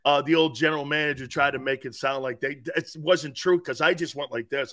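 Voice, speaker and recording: A man in his fifties, a former player and sports radio host, talking as a guest in a casual podcast interview, emphatic and animated with loud outbursts. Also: on the high side, brisk. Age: 50s.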